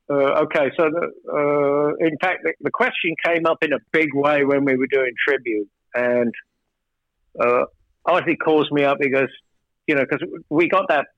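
In a casual interview, a medium-pitched record producer rambles through a long studio story with plenty of fillers and restarts, becoming animated and emphatic. The recording is muffled, with no echo.

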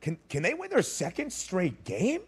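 A man's voice: sits high, wildly swooping pitch, moderate pace, slightly rough. A man hosting a sports betting radio show, upbeat and jokey as he introduces guests and picks.

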